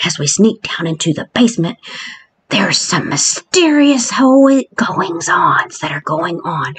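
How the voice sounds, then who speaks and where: A woman hosting a playful island tour in a game, excitable and mock-scared, exclaiming often. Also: on the low side, slightly rough. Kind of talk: playful game walkthrough narration.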